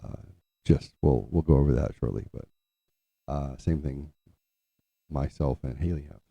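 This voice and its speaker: A man telling a long personal story in a casual, rambling way, often restarting and clearing his throat. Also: a bass voice, a little slow, dry recording. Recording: dull lo-fi sound.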